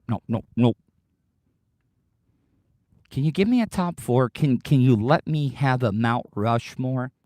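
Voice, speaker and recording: Dude hosting a podcast stream, voice all strained and worn, slow and kinda low, dry sound. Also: male voice, dry recording. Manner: excitable, swears casually. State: strained, tired voice. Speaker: podcast host. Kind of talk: rambling livestream chat.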